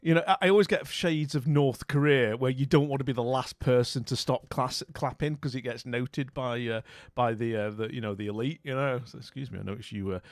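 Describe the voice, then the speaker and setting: A man's voice: mid-range voice, brisk, no room sound. A British man telling a casual anecdote as a channel host, rambling with lots of asides and self-mocking jokes. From Britain. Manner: rambling, chatty, full of asides and self-mockery.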